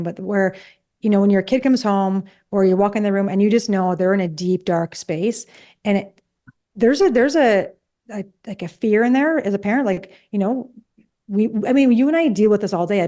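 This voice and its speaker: A woman's voice: medium pitch, warm tone. A woman in her forties, a psychologist co-hosting a podcast, talking casually and acting out quoted dialogue with animation.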